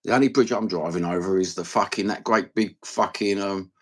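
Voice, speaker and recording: A man's voice: deep voice, brisk. A middle-aged man with an East London accent, hosting a rambling live stream, talking in sweary, blokey banter.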